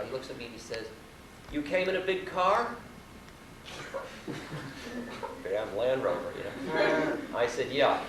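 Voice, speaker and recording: A man, telling a wry, self-mocking story to an audience at a university hall. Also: mid-range voice. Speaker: spiritual teacher. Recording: roomy live hall recording from far off, noisy.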